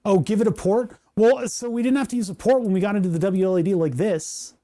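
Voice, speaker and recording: A man's voice: high-pitched, quick pace, warm tone. A man casually chatting to his viewers as he tinkers with a hardware project, rambling and joking as he works. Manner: rambling, joking, talks to chat while working. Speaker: maker streaming a hardware project. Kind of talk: casual livestream tinkering talk.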